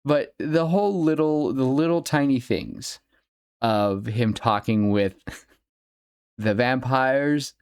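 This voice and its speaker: Speaking slowly in a mid-range, darkish voice that is clear and resonant, a young podcast host rambles on in delighted fan talk about a film he loves, laughing along the way. It's casual solo commentary, recorded dry with studio quality.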